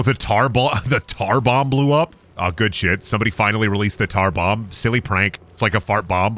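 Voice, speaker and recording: Lively, bright-voiced young man joking. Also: medium pitch. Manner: joking, crude, rambling riffs. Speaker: streamer. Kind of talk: let's play commentary.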